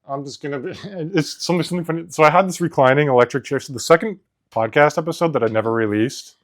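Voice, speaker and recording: A man's voice: on the high side, quick pace. A man co-hosting a podcast, telling rambling stories in casual chat, laughing often and filling gaps with "like". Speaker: podcast co-host.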